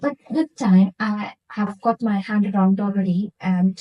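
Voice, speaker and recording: A woman's voice: mid-range voice, steady tone, unhurried, lo-fi sound. A woman from India, a nurse interviewing a guest and earnestly reflecting on her own experiences. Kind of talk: casual interview chat.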